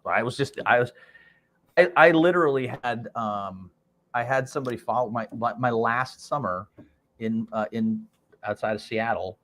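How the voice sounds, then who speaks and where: A man appearing as a podcast guest, telling an anecdote in an excited, laughing way and acting out the voices of the people in it. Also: medium pitch, moderate pace, slight background noise. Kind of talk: animated anecdote storytelling.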